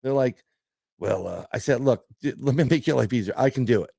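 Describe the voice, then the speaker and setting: A middle-aged man telling a story in casual podcast chat, animated and joking, with some swearing. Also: mid-range voice, brisk, creaky, husky, no room sound, studio quality. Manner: animated storyteller, swearing, laughing through jokes. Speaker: podcast guest.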